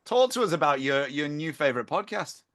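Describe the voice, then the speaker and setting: A man's voice: on the high side, big pitch swings, a little fast, fairly bright tone. A man hosting a podcast, leading the talk in an upbeat, playful way. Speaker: podcast host. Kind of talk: casual chat.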